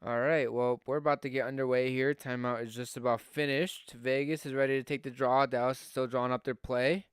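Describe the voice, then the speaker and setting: A man's voice: mid-range voice, flat delivery, brisk, hardly any pauses, clean tone, dry recording, clean studio sound. A young man from Buffalo with a Western New York accent, a podcast host doing casual live hockey play-by-play on a stream, chatty with fillers and rising on scoring chances.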